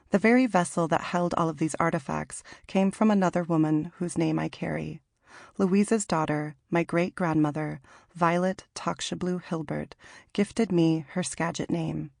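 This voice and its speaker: A woman in her late thirties from Washington in the Pacific Northwest, reading her own memoir aloud in a measured, reflective way. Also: on the low side, steady tone, creaky, a little mellow, no room sound, studio quality. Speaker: author narrating her memoir. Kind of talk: audiobook memoir narration.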